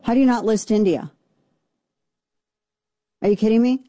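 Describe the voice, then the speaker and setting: A woman's voice: fairly high pitch, normal speed, warm tone, dry recording. A woman hosting a political commentary show, talking in an indignant, exasperated way with many restarts. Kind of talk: opinionated commentary monologue.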